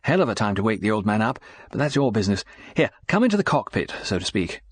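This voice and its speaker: A man reading an audiobook, voicing a brisk, chummy middle-aged British station chief with a higher, clipped delivery. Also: big pitch swings.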